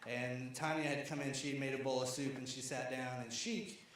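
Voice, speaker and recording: A man's voice: mid-range voice, steady tone, normal speed, fairly bright tone. A man from Arkansas tells stories in a loose, conversational way, full of fillers and restarts. His voice bounces around a very reverberant lecture hall. A faint background hum runs underneath. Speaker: speaker at a lecture series. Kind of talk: storytelling talk. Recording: very echoey hall.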